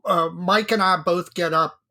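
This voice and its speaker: A man's voice: high-pitched, fairly even intonation, a little slow, bright, forceful tone. A man co-hosting a casual hobby podcast, chatting in an easygoing, self-deprecating way. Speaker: podcast co-host.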